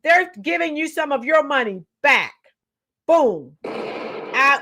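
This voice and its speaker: A woman's voice: high voice, slow pace, pauses often. A woman hosting a livestream, bluntly sounding off and talking back to her chat by name. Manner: animated, blunt, laughs often, talks to chat by name. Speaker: livestream host reading chat. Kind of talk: opinionated livestream commentary.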